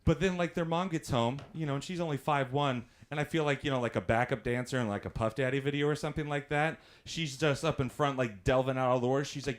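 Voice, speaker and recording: A man's voice: medium pitch, fast, few pauses. A man doing stand-up comedy, telling chatty stories, laughing at his own jokes and acting out voices.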